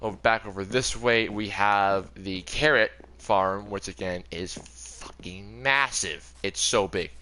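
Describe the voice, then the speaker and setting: Bright-toned young man touring his game world. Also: lowish voice, measured pace, few pauses, slight background noise. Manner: rambling, chatty, self-correcting. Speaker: gaming video creator. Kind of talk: casual game tour commentary.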